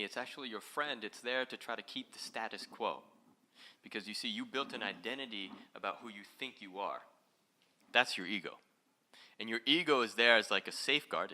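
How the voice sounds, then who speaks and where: A man giving a live inspirational talk, playful and animated, with big jumps in pitch and loudness, who asks the audience questions directly. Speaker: motivational speaker.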